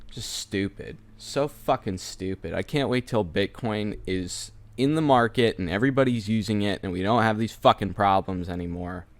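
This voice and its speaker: A man's voice: lowish voice, moderate pace, creaky, few pauses, no room sound. A man venting about a shut-down seller account, profane and insistent, then pressing a phone agent for a supervisor. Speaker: online seller and vlogger. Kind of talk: angry rant and complaint call.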